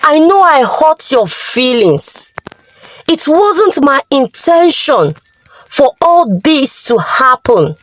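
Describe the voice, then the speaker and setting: A woman's voice: high-pitched, sing-song, takes it slowly, dry recording, heavily acted, low-quality recording. A woman voicing a pleading mother. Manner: begging, apologetic. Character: pleading remorseful middle-aged mother.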